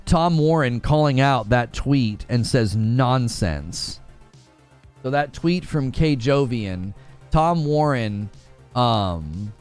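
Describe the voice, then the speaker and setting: A man's voice: mid-range voice, slow pace, clean tone, faint music behind. A man hosting a live gaming news stream, chatting casually and reading out chat messages. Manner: casual, talks to chat, thanks donors excitedly.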